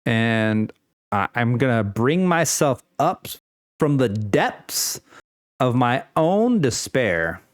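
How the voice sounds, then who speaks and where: A man's voice: medium pitch, big pitch swings, slow pace, no room sound, clean studio sound. A young man ranting casually to the camera at home, rambling with many fillers and restarts and swearing freely. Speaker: vlogger. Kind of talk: unscripted personal rant.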